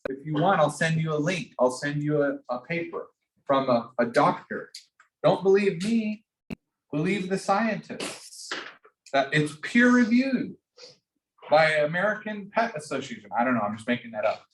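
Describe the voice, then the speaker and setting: Man teaching, energetic coaching, fairly high pitch, roomy echo, distant mic, faint background noise. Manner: energetic, coaching, repeats and restarts phrases. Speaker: teacher of an entrepreneurship class. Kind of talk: classroom teaching. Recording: echoey room, speaker off-mic, faint noise.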